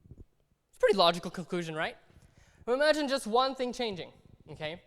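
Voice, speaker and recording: In a church hall with long reverb, a pastor preaches conversationally and acts out small everyday scenes. His high voice is very animated, fairly quick and fairly bright.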